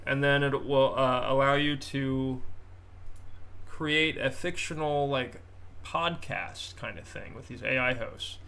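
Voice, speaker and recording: A man's voice: mid-range voice, slow pace, pushed and bright. A man hosting a podcast in casual chat, rambling and poking fun at himself. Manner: rambling, self-mocking, laughs at own jokes. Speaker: podcast host.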